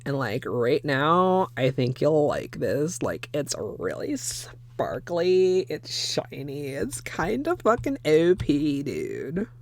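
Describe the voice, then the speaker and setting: A woman's voice: deep voice, sing-song, exaggerated voice. A woman voicing a ditzy Valley Girl as a bit on a livestream, stretching every word into a lazy drawl. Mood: airy, drawling. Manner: slow, stretched-out drawl full of "like". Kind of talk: livestream bit for a viewer redemption.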